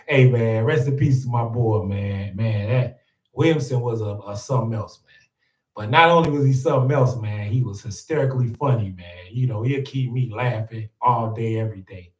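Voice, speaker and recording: A man's voice: mid-range voice, warm tone. A man hosting a podcast, telling stories in a laid-back, casual way, often saying "man" and laughing. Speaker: podcast host. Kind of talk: casual storytelling. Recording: roomy echo, distant from mic.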